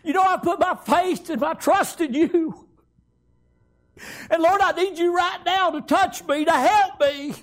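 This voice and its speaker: A man giving a fervent sermon testimony, swinging from shouts to hushed tones and repeating phrases. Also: very high-pitched, a little slow.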